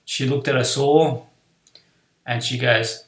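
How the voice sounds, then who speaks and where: A man's voice: mid-range voice, fairly even intonation, takes it slowly, long pauses, fairly bright tone, reverberant, poor audio. A man telling a personal story from his school days, acting out the voices of his teacher and classmates. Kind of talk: personal anecdote.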